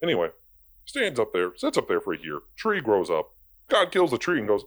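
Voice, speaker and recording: A man's voice: medium pitch, huge pitch swings, fairly quick, fairly bright tone. Sarcastic, swearing man ranting casually. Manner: sarcastic, exasperated, swears freely. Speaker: video commentator. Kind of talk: profane ranting commentary.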